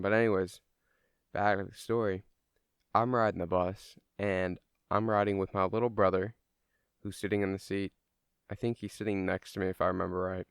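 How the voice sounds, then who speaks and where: A man's voice: low voice, clean tone, no room sound, clean studio sound. A young man telling a personal story in a casual, rambling way, swearing freely and using lots of fillers. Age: young adult.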